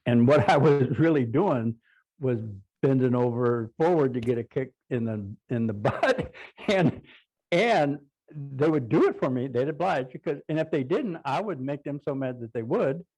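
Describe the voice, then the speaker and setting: Older man telling a halting personal story. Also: mid-range voice, expressive, darkish tone. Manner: halting, repeats words while recalling. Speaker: radio show co-host. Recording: dull lo-fi radio audio.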